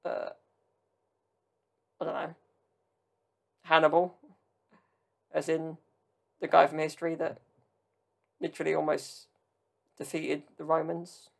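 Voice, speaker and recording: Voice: medium pitch, flat delivery, measured pace, vocal fry, long pauses, slightly rough. A podcast host from Southern Italy chatting casually on their own, rambling and drifting into tangents with jokey asides. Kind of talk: casual solo podcast chat.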